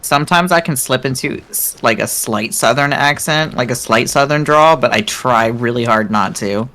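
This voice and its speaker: A woman's voice: a bass voice, normal speed, fairly bright tone. An American woman chatting and teasing playfully while playing a game with a friend, laughing often. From United States. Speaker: co-player. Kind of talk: casual gaming chat.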